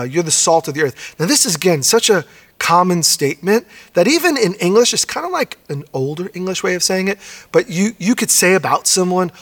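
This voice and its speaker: Male pastor, somewhat high voice, casual but emphatic sermon delivery, big reverberant room. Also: fairly bright tone. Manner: conversational, emphatic, slows down on key phrases. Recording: long reverb of a large hall.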